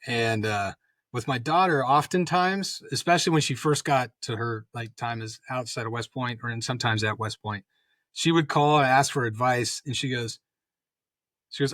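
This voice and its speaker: A man's voice: medium pitch, normal speed, a bit bright, dry recording, clean studio sound. A man in his fifties, a retired army colonel, telling rambling anecdotes full of fillers in a casual interview. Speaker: guest, retired Special Forces colonel.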